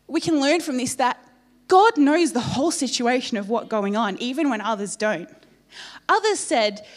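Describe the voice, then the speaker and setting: A woman preaching a sermon in church, telling the story in a lively way with playful asides to the congregation. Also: fairly high pitch, normal speed.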